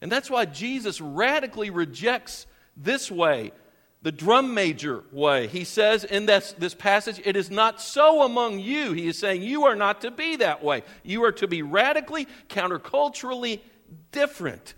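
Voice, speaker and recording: Male pastor, high and bright voice, lively sermon delivery, long church-hall reverb. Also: moderate pace. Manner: animated, questions the congregation, chuckles often. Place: church sanctuary.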